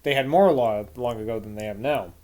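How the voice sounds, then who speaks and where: A man voicing a stern, learned 18th-century English gentleman, speaking emphatically. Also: mid-range voice, brisk, voice pushed down, close to an everyday voice. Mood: emphatic.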